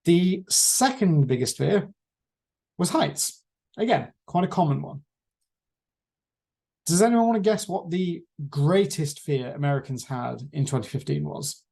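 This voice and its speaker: A man teaching a class on presentation skills, lecturing in a measured way with deliberate pauses. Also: on the high side, animated, creaky, darkish tone.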